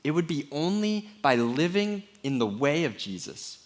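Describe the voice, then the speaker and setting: A man's voice: a little high, very animated, normal speed. Candid, conversational male pastor preaching. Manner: candid, conversational preaching with soft, hushed moments. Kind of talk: sermon.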